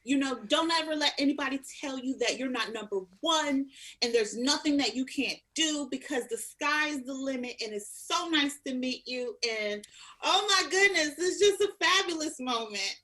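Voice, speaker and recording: A woman's voice: sits high, expressive, normal speed, bright, forceful tone. A woman in her thirties speaking as an interview guest, sassy and outspoken, calling people honey. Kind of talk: casual interview chat.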